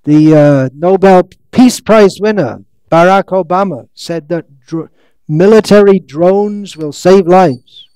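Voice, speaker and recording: A man giving a scriptural lecture, reading out quotes slowly and breaking into sarcastic, ironic asides. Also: high voice, dark tone, clear, resonant tone, no room sound. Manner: reads quotes slowly, stretches words. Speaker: monk lecturer. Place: lecture hall in India.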